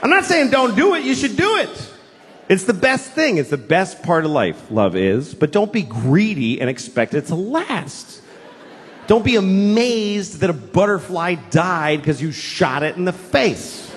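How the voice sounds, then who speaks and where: A man doing a stand-up comedy routine with an animated, profane, exasperated delivery. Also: sits high, a little slow. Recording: reverberant hall, faint ambience.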